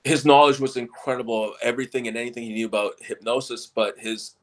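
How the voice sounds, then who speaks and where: A middle-aged man with a mid-pitched voice tells stories from his stage career in a relaxed interview. He trips over his words, restarting and repeating them as he goes, and keeps talking in long run-on stretches. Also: quick pace. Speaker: stage hypnotist guest. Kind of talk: casual storytelling interview.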